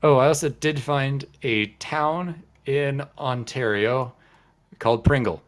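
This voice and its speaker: A man's voice: mid-range voice, slow. A man chatting casually during a game from a room with an open window near a road, explaining things in a rambling, apologetic way. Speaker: player. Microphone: sensitive desk mic.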